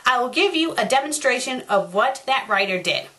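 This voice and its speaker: A woman's voice: a little high, expressive, moderate pace, fairly bright tone. A woman reading the lines of a polite, fussy boy explaining grammar, in a prim, instructive manner. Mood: lecturing.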